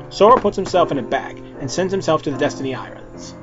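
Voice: mid-range voice, expressive, dull audio, music in the background. A podcast host giving a theatrical, comic reading of fan fiction. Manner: theatrical, quick to switch voices.

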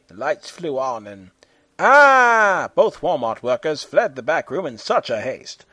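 A man reading a humorous story aloud in an animated way, slipping into silly character voices. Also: a little high, a little slow, dry recording, studio quality. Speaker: fan fiction reader.

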